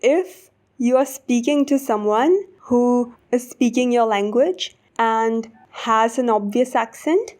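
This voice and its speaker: A woman with an Indian accent telling a casual storytime, animated and swearing often. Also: fairly high pitch, takes it slowly. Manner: animated, swears often, rising to indignant outbursts. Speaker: vlogger.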